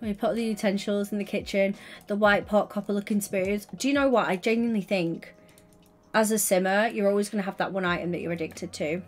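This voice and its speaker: A woman's voice: medium pitch, steady tone, brisk, soft background music. A woman chatting casually on a gaming livestream, gushing and affectionate as she greets viewers by name.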